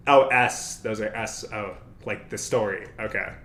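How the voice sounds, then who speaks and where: A man with a lowish voice talks casually on a study livestream, wandering through his thoughts and stopping to correct himself. His voice rings in an echoey room with a faint hiss of noise behind it. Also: measured pace, fairly bright tone. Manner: rambling, self-correcting, thinks aloud. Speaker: livestream host. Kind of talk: casual study-stream talk.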